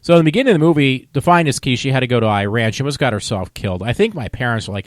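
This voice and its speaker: A man's voice: mid-range voice, animated, very fast, no echo, studio quality. A man vlogging a casual movie review, talking in a rambling, loose, conversational way.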